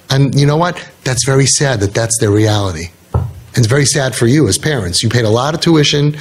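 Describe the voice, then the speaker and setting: A man's voice: mid-range voice, vocal fry, breathy edge. A man speaking earnestly to parents in a heartfelt talk, telling stories and swinging his voice up for emphasis.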